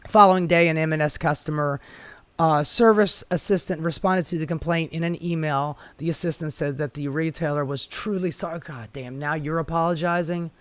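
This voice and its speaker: Guy ranting about the news, kinda high voice, swears a lot, sarcastic, dry close recording. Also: fairly even intonation, moderate pace, a bit bright, no echo. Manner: profane, sarcastic, heated. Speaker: commentary host.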